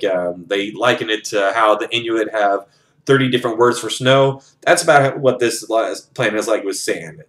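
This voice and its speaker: A man's voice: mid-range voice, a bit bright. Casual man retelling a book. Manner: loose, profane, many fillers. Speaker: book reviewer.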